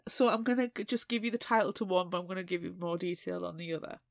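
A woman's voice: lowish voice, vocal fry, no room sound, clean studio sound. Chatty woman podcast co-host. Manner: chatty, with restarts and quick laughs. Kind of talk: casual book discussion.

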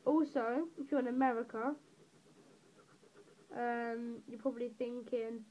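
An English teenage girl from the southeast talks slowly and unhurriedly, her voice a touch higher than most, drifting into self-mocking, giggly tangents. The recording is dull and lo-fi. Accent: English, southeast England. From England. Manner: rambling, self-deprecating, giggly asides. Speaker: drawing tutorial creator. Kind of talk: casual voice-over while colouring.

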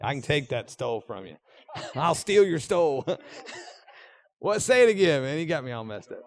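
High-voiced, lively male pastor. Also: moderate pace, creaky. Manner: animated, joking with the congregation. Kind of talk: sermon. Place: church sanctuary.

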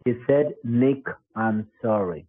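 A man on a scam call speaking calmly and quietly, placating the caller. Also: mid-range voice, slow pace, a loud crowd. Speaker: scam caller posing as employee. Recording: tinny phone line.

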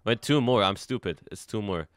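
A young man streaming himself playing a game, excitable and full of slang, jumping from loud shouts to low mutters. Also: moderate pace. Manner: casual slang, says "bro" often. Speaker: gaming streamer. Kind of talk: live gameplay commentary.

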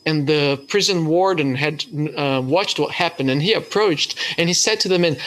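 A man's voice: a little high, moderate pace, hardly any pauses, fairly bright tone. A man preaching a sermon as pastor, telling a story earnestly with hesitations.

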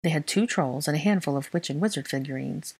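A woman narrating fan fiction in a steady, even reading style. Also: sits low, fast talker, husky. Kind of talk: storybook narration.

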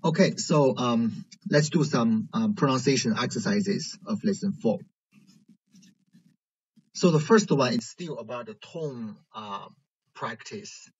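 Guy teaching a class, slow careful talk, dull lo-fi sound. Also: medium pitch, expressive, darkish tone, slightly rough. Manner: slow, careful explaining with frequent "right?" checks. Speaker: Chinese language teacher. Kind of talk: online language lesson. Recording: dull lo-fi recording.

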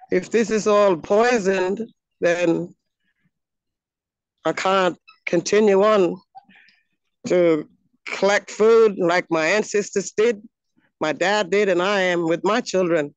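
Earnest, halting Australian woman, slow and smooth. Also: on the low side, no room sound, poor audio. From Northern Territory, Australia. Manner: earnest, halting, with frequent pauses. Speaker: speaker at a launch event. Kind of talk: heartfelt personal address. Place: outdoors on her home land.

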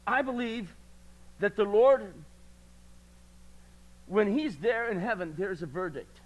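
A man preaching a sermon at a church service, repeating lines passionately and swinging between quiet talk and loud declarations. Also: high-pitched, takes it slowly, rough recording.

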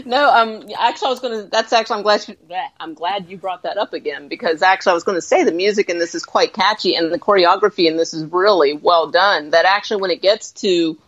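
A woman co-hosting a podcast, chatting casually about films and laughing easily. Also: on the low side. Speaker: podcast co-host. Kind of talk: casual film chat. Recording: dull lo-fi sound.

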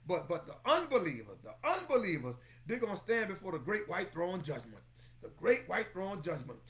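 A male pastor teaching scripture with a high, swooping voice that rises and falls dramatically. He exclaims constantly, calls out congregants by name and repeats key phrases for emphasis. Now and then he breaks into a line of a song. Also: very animated, normal speed, fairly bright tone. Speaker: pastor teaching Bible study. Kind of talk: lively sermon-style Bible lesson.

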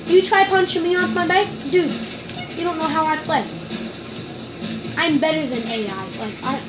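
A woman's voice: sits high, moderate pace, poor audio. A woman casually narrating a video game session for viewers, rambling, joking at herself and giggling. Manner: rambling, giggly, self-mocking, addresses viewers. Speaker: gaming video host. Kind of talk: casual let's-play commentary. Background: game music.

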